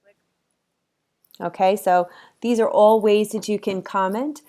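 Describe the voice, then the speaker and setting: A woman's voice: medium pitch, fairly even intonation, moderate pace, dark tone. A woman instructor giving a casual, chatty screen-recorded tutorial for her course, talking easygoing with frequent ums, on a computer microphone.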